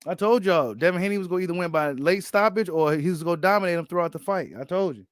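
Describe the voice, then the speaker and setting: A man hosting a boxing channel, giving casual, animated reaction commentary full of slang and repeated phrases. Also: high voice, fast talker, dry recording, clean studio sound.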